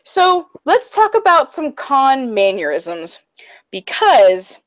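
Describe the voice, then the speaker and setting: A woman co-hosting a casual chat show, excitable and rambling, gushing like a fangirl. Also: high-pitched, slow, poor audio. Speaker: podcast co-host.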